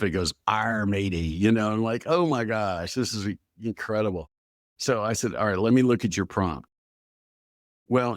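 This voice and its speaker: A man being interviewed as an expert guest, telling stories in an animated way and acting out the dialogue he quotes. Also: fairly low pitch, no room sound, studio quality. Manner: animated storyteller who acts out quoted dialogue, with filler "blah, blah". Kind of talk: conversational podcast interview.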